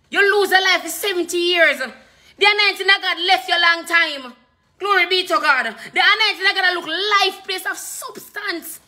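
A woman's voice: very high voice, pushed and bright. A woman with a Jamaican accent preaching an impassioned sermon, hammering home repeated phrases and moving between patois and standard English.

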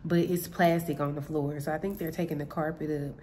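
Chatty woman vlogger, slightly low voice. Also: fairly even intonation, a little fast, warm tone, slight background noise. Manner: chatty, addresses viewers as y'all, laughs often. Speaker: vlogger and building concierge. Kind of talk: casual storytelling vlog. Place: indoors at her workplace.

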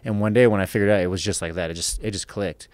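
A man's voice: fairly low pitch, fairly even intonation, very fast, a little mellow, dry recording. A man from Los Angeles, a podcast guest, telling stories casually with lots of cursing and a rambling "right?" habit. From Los Angeles, USA. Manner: profane, rambling with frequent "right?". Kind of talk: casual storytelling.

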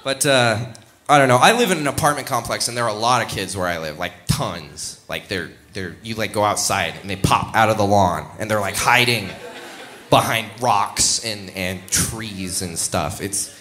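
A man's voice: fairly low pitch, moderate pace, pushed and bright. A young man doing a live stand-up set, rambling and self-deprecating, chuckling at his own jokes into a stage mic. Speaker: stand-up comedian. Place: comedy club stage.

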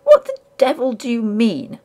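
An impatient, irritable gentleman, played by a woman narrating a story. He answers in short, sharp retorts, with a gravelly edge and a pitch that rises and falls a lot. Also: sing-song, moderate pace.

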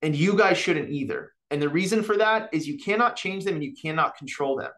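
A man giving an animated mortgage market presentation to real estate agents, often tagging his points with "right?" and acting out client conversations. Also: on the high side, a little fast. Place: office meeting or online session with chat.

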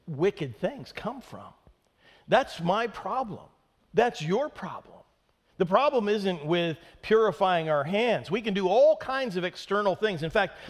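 A male pastor giving a sermon, emphatic and conversational with dry humor. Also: fairly high pitch. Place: church sanctuary. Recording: long hall reverb in a church.

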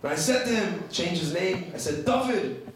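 A high-voiced male rabbi preaches emphatically, firing off rhetorical questions and weaving in stories. He is picked up from a distance in a very echoey room with a faint hiss behind him. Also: expressive, moderate pace. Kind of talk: sermon to a women's group.

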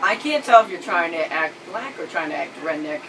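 A woman's voice: fairly low pitch, expressive, a little fast. A woman hosting a gaming channel, casually introducing a clip and mocking another player. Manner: exasperated, mocking. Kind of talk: casual video intro and game chat. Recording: distant noisy home recording.

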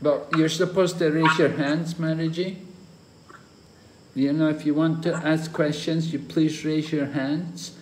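Male spiritual teacher, scripture lecture, slow measured delivery, roomy echoey recording. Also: fairly high pitch, steady tone. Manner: slow, deliberate explaining with occasional chuckles. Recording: roomy echo with faint ambient noise.

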